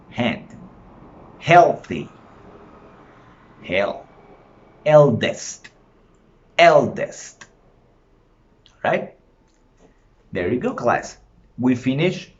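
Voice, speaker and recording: A man teaching an online lesson, drawing out his prompts slowly for the class. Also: medium pitch. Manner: slow, drawn-out classroom prompting. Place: home. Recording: dull lo-fi home recording, faint room noise.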